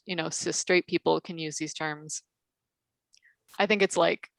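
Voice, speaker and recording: A woman's voice: sits low, steady tone, a little slow, creaky, dry recording. A woman speaking as a podcast guest in a casual roundtable discussion, hesitant, with many fillers.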